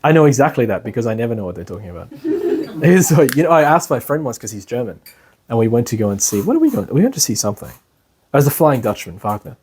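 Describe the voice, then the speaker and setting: A man's voice: medium pitch, big pitch swings, fast talker, darkish tone, slight background noise. A young man giving a casual, rambling lecture to a class, full of "you know" and asides. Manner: chatty and rambling, with frequent "you know" and laughs. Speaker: meditation class teacher.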